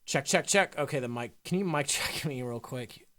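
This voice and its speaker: A young adult man coaching a struggling trader, blunt and emphatic, dropping curse words as he pushes his point. His voice sits at an ordinary middle pitch for a man. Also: moderate pace, sharp tone. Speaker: trading coach. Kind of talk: live coaching session.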